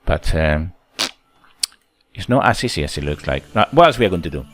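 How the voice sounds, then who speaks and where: Deep-voiced man chatting over game play. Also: big pitch swings, a little fast, a bit bright, faint music behind. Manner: chatty, thinks aloud, counts workers under his breath. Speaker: gameplay channel host. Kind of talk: casual let's-play commentary.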